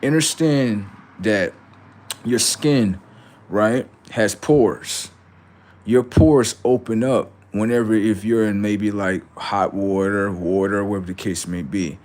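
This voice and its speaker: A man's voice: fairly low pitch, slow pace, a little mellow. A man hosting a livestream, lecturing viewers in a brash, confrontational rant full of swearing and repeated "right?". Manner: lectures viewers and reacts to chat. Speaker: livestream host.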